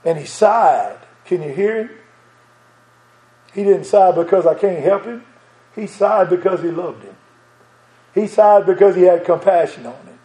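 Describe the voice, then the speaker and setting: A male preacher with a drawl and a high, light voice delivers a sermon in an echoing sanctuary. He moves from tender and reflective to fervent and rousing, chuckling now and then. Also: a little slow, pauses often, dark tone.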